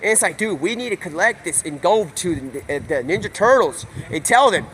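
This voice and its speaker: A man streaming live, telling a rambling, improvised stream-of-consciousness story and slipping into quick quoted voices. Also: sits high, expressive, fairly bright tone, slight background noise.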